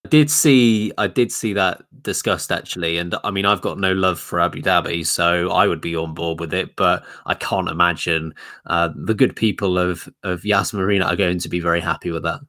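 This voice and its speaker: A man's voice: deep voice, steady tone, normal speed, pushed and bright. A man co-hosting a podcast, thinking aloud in casual chat with frequent ums and restarts. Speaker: podcast co-host.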